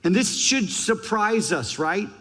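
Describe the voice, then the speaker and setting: A male pastor delivers a sermon in a high voice, unhurried and deliberate. He leans hard into emphasis, then sinks to a near-hush when reading scripture. His voice carries the long reverb of a large church hall. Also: lively intonation. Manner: emphatic, varies pitch and pace widely, drops to a hush for scripture.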